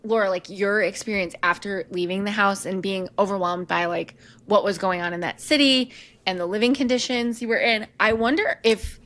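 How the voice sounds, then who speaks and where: A woman co-hosting a podcast reflects aloud on what her guest has shared. Her delivery is conversational and a little halting, with sentences restarting as she works through her thoughts. Her pitch stays at an everyday middle register. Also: a bit bright. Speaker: podcast co-host.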